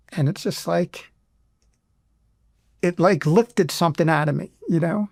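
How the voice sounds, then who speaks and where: A middle-aged man, a veteran guest in an interview, speaking with emotion and pausing often to restart. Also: fairly high pitch, creaky, no echo, studio quality. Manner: emotional, halting, many restarts.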